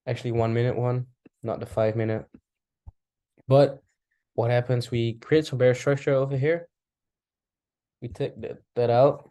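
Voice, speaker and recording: A man casually talking through a chart recap, thinking aloud with relaxed asides. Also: medium pitch, a little slow, long pauses. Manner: relaxed, talks to himself while charting, asides and apologies. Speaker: trading recap host. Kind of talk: casual screen-share commentary.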